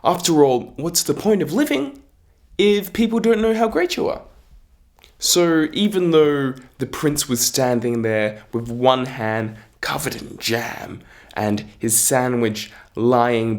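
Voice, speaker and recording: A man telling a fairy tale in a casual, playful way, with chatty asides to the listener. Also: mid-range voice. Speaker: storyteller. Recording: echoey room.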